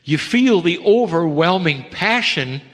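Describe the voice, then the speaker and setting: A man delivering a channeled spiritual message in slow, heartfelt, broken phrases, rising to emphatic lines and dropping to hushed ones. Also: lively intonation. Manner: swings between raised emphatic lines and hushed low ones. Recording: long reverb of a large hall.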